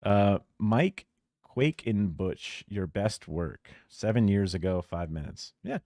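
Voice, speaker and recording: A man hosts a casual live reaction stream, talking through his opinions bluntly and often swearing. His voice sits low, and the sound is close and dry. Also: lively intonation, slow, creaky, warm tone, dry recording. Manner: opinionated, profane rants mixed with chuckles. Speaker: livestream host. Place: home streaming setup.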